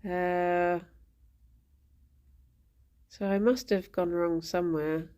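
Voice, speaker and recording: A woman's voice: fairly low pitch, steady tone, slow pace, warm tone. A woman streaming from home, chatting in a rambling, easygoing way and often breaking into laughter. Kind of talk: casual chat to a live stream.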